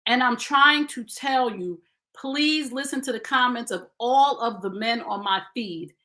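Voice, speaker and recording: A woman's voice: fairly high pitch, a little slow, pushed and bright. A woman in her fifties giving blunt, preachy relationship advice in a casual live stream, speaking straight to her viewers. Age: 50s.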